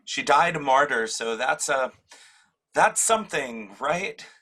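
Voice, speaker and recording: A man's voice: medium pitch, lively intonation, pushed and bright, full character voice. A man playing a stammering anxious disciple. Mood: nervous. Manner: halting, stammering. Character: anxious, aggrieved male disciple. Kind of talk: audio drama acting.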